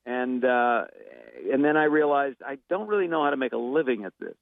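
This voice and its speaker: Gravelly man on a tinny phone line. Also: medium pitch, fairly quick. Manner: rambling, thoughtful, many fillers and restarts. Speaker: interview guest, actor and impressionist. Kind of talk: casual interview talk.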